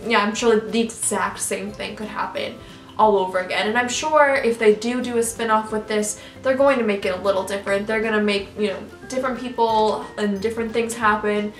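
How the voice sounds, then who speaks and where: A woman's voice: medium pitch, fairly even intonation, a little fast, distant mic. A young woman YouTuber rambling through a casual reaction rant, full of "like" and restarts. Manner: rambling, filler-heavy, lots of "like". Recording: echoey room, off-mic, faint music.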